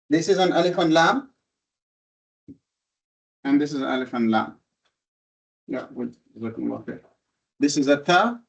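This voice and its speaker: A man's voice: medium pitch, slightly rough. A man teaching a classroom lesson on Quranic reading. He talks patiently, explains step by step and repeats his examples. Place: classroom with a board.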